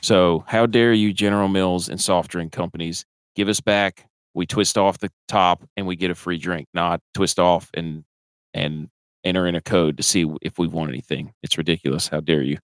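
A man with a low, smooth, resonant voice hosts a casual sports podcast with his friends. He talks slowly and laughs often as he leads each segment. The sound is dry and close. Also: steady tone, dry recording. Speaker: podcast host. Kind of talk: casual chat.

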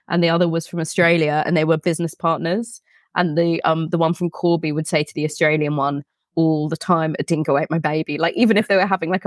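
A woman's voice: lowish voice, no room sound, clean studio sound. A British woman, a podcast guest, chatting animatedly and jumping between thoughts with frequent laughter. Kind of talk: casual chat.

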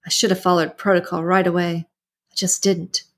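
A woman reading the lines of a tense young male kidnapper in an audiobook, terse and low-key. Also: level tone, normal speed, lightly acted.

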